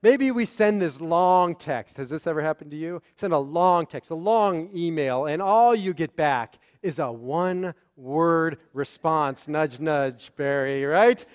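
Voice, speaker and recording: A man's voice: on the high side, animated, measured pace, hardly any pauses. A man, a rabbi, preaching a sermon in a conversational way, often checking in with the congregation. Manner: conversational, often asks "right?".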